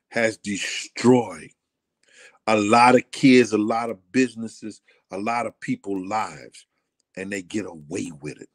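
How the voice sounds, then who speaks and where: A middle-aged man, speaking in a blunt, profane casual monologue and hammering his points home through repetition. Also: lowish voice. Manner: blunt, profane, repeats himself with emphasis. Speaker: host.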